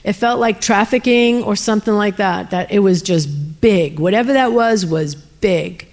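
A woman's voice: medium pitch, a little slow, darkish tone. Earnest woman sharing a faith testimony. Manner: earnest, emotional, uses many fillers. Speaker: missionary speaker. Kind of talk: testimony storytelling.

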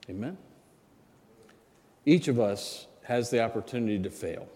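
A man's voice: lowish voice, mellow. A man in his sixties preaching a sermon and telling a personal story in a conversational way, now and then asking the congregation for an amen. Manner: conversational, asks the congregation for amens. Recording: long hall reverb.

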